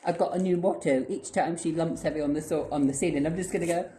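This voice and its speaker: An excitable woman unboxing her collection in a casual vlog, swearing freely and squealing with delight. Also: sits low, fast. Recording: echoey room with clear background noise.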